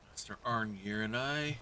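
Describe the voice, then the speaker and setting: Playing as himself, a gamer from Kentucky role-plays through a fantasy game, chatting with his viewers and the in-game characters in casual let's-play style. The voice sits lowish and sounds pushed and bright, with a little background noise.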